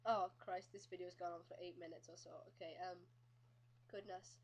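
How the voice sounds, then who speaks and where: A woman's voice: lowish voice, steady tone, normal speed, darkish tone, breathy edge. Rambling Welsh woman chatting to camera. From Wales. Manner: rambling, chatty, often apologetic. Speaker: vlogger. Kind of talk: casual chat to camera. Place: her bedroom, indoors.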